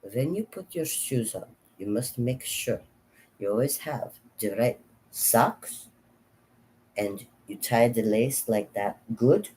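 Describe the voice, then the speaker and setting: A woman's voice: very deep voice, expressive, slow pace, mellow, slight background noise, voice pushed down, exaggerated voice. Woman putting on a stern Slavic grandmother. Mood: stern warning. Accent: thick Slavic. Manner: scolding, broken English, insistent. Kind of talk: impersonation in a vlog.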